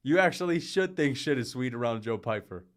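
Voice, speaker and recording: A man's voice: mid-range voice, lively intonation, brisk. A man streaming live, rambling in casual chat, joking and often laughing, slipping into mocking impressions. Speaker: livestreamer. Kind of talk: casual livestream rant.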